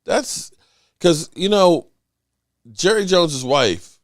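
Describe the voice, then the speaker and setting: A man's voice: sits high, takes it slowly. A man hosting a casual sports podcast, his voice rising and falling widely as he makes his points. He talks emphatically and often restarts mid-sentence. The sound is dry and close, with little room echo. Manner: animated, emphatic, with frequent restarts.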